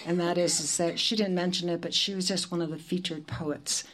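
A woman's voice: fairly low pitch, fairly even intonation, a little fast, a bit bright, a little hiss or hum. A woman hosting a poetry event, speaking in a chatty way with fillers and asides between introductions. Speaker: event host.

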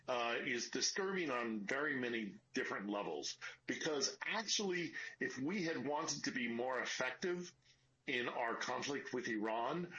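Guest correspondent, male, tired, earnest and explanatory, bright crisp tone, lo-fi phone line. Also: medium pitch, a little hiss or hum. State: tired from lack of sleep. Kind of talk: phone interview.

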